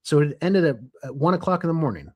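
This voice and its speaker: Animated male podcast co-host. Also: on the high side, fast. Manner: animated, restarts and self-corrections. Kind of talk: casual podcast storytelling from notes.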